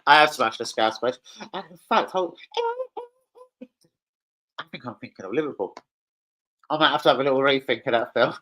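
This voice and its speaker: A crude, joking man hosts a casual live stream for fellow fans. His voice is bright and forceful, and his pitch sits in an ordinary middle range for a man. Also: normal speed, long pauses, poor audio. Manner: crude, rowdy, joking with chat. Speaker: fan channel host. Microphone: streaming setup.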